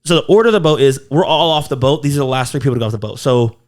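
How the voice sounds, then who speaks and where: A man's voice: mid-range voice, rapid-fire. A man co-hosting a comedy podcast, telling a rowdy story in a casual way, acting out his friends' lines and swearing often. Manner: animated, acts out quotes, frequent swearing. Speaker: podcast co-host.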